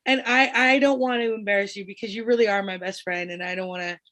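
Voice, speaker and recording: A woman hosting a casual group chat over a video call, talking in an animated, encouraging way. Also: mid-range voice, fast. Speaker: host.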